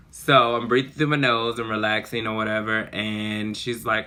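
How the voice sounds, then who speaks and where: Man, casual vlogger, low pitch, bright edgy tone, chatty. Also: moderate pace, few pauses, slight background noise. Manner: chatty, animated, lots of fillers. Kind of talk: casual storytelling vlog.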